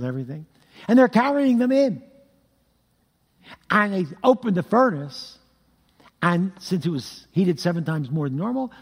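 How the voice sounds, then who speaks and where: A man preaching a sermon, telling scripture stories in an animated way with vocal sound effects. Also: on the high side, gravelly, breathy edge. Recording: long hall reverb.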